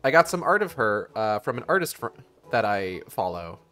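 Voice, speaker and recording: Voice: medium pitch, big pitch swings, normal speed, fairly bright tone, faint music behind. A streamer chatting casually while playing, rambling and trailing off. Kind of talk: casual game stream chat.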